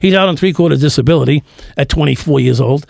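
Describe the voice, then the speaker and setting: Gravelly New man telling stories. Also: a little high, fast talker, darkish tone, dry recording, studio quality. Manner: profane, laughing anecdotal storytelling. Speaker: interview guest, former police officer. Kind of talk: casual storytelling interview.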